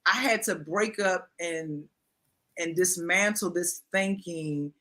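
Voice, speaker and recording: A woman's voice: lowish voice, takes it slowly. A woman in her fifties, a pastor, talking candidly and emphatically as an interview guest. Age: 50s. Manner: emphatic, expressive, repeats phrases for emphasis.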